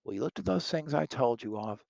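A man's voice: mid-range voice, animated, fairly quick, creaky, darkish tone, no echo, voice pushed up, poor audio. A man reading aloud the part of an older nobleman and fond father, declaiming his lines.

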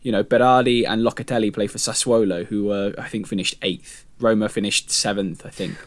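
Low-voiced man talking football. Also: fairly even intonation, a little fast, no room sound. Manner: thoughtful, hedging with "I think" and "you know". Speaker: football journalist, podcast co-host. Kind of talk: casual football podcast chat.

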